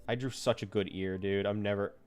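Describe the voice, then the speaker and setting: A man's voice: on the low side, steady tone, brisk, a little mellow, smooth. A man streaming live as a VTuber, chatting casually and rambling playfully to himself while he draws.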